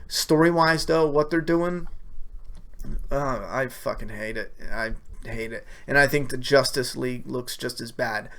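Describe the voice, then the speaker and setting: A man's voice: mid-range voice, a bit bright. A man hosting a casual live stream, reading viewer questions and giving blunt, profane opinions with lots of fillers. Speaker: livestream host answering viewer questions.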